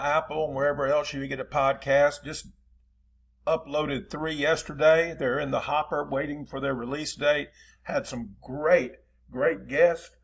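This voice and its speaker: A man with a Southern accent, a football coach hosting his channel, talking casually and in a folksy, rambling way to his viewers. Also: mid-range voice.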